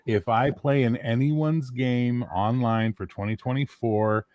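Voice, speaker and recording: A man's voice: mid-range voice, fairly even intonation, a little slow, a little mellow, dry recording. A man joking and teasing in a casual group chat on a stream.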